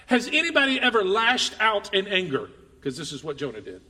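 A high-voiced man delivers a lively sermon, reading scripture aloud and leaping into its lines with emphatic, animated voices. His tone is bright and ringing. The sound carries the long reverb of a big hall. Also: fairly quick. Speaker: preacher.

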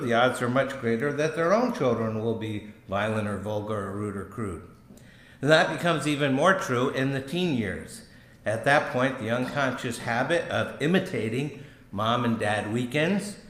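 A middle-aged man preaching a sermon in a church, leading a prayer and then talking in a conversational, gently humorous way. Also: medium pitch. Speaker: pastor. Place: church sanctuary. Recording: echoey church room.

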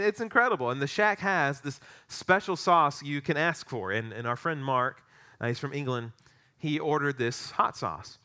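A middle-aged pastor delivers a sermon, moving from prayer into a playful anecdote. His voice is bright and forward. His energy climbs into excited peaks as the story builds. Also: medium pitch.

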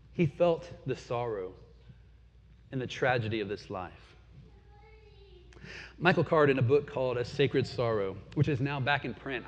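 A man in his forties preaching a sermon as pastor, earnest, swelling and dropping in force. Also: medium pitch. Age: 40s. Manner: earnest, rising and falling in force. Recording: dull sound with long hall reverb.

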